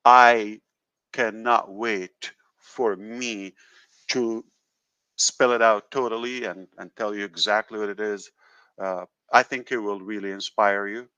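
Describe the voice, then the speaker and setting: A man hosting a live call, talking in a halting way with many fillers and restarts. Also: lowish voice, steady tone, sharp tone, clear, resonant tone, no echo. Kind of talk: casual live call talk.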